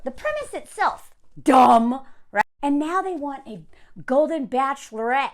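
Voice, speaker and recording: A woman's voice: high voice, animated, a little slow. A woman giving an opinionated commentary rant to camera in a sarcastic, scornful way. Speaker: commentary vlogger.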